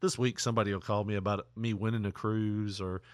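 A man hosting a podcast in casual chat, telling stories in an animated way and jumping into mocking voices. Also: fairly quick, no room sound, clean studio sound. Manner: animated storyteller, jumps into high mocking voices. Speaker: podcast host.

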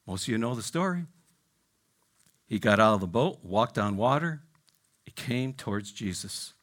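A man preaching in a lively, dramatic way, with his voice rising and falling widely. He drops from loud exclamations to hushed near-whispers and keeps checking in with his listeners. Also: lowish voice, moderate pace. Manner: repeats "right?" and "I mean" to engage listeners. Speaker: pastor. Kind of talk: sermon.

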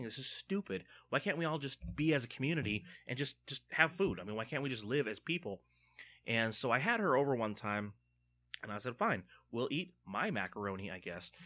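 A man in his thirties tells a long personal story in a loose, rambling way. His pitch swings widely as he acts out what people said. His tone is bright and forward. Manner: rambling, animated, acts out quotes in a high mocking voice.

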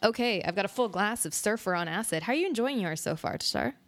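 A woman's voice: mid-range voice, expressive, fast talker. A woman co-hosting a casual music chat, chatty and blunt with her opinions. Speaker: podcast co-host.

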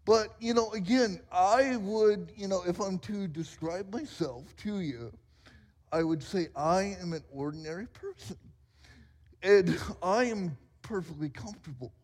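Pastor, 40s, male: high voice, self-mocking jokes, long church-hall reverb. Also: a little slow, a little mellow. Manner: playful, self-mocking storyteller. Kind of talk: sermon. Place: church sanctuary.

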